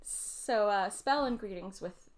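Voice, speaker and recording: A woman co-hosting a podcast in casual chat, giggly and quick with sarcastic asides. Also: medium pitch. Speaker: podcast co-host.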